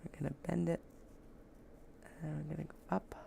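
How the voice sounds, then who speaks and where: A woman's voice: low-pitched, level tone, moderate pace, vocal fry, dark tone, a little hiss or hum. A woman talking casually as she sews, joking and chatting to herself while she works in a home sewing room. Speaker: sewing vlogger.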